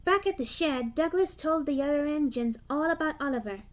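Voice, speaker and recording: A woman reading a children's storybook aloud, deliberate with occasional restarts. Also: high voice, expressive.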